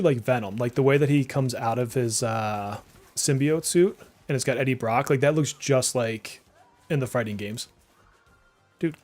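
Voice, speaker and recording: Faint game music sits behind this live streamer, a man in his thirties whose middle-pitched voice carries a slight Massachusetts accent. His gameplay chat is casual and meandering, full of spoken reactions to what's happening.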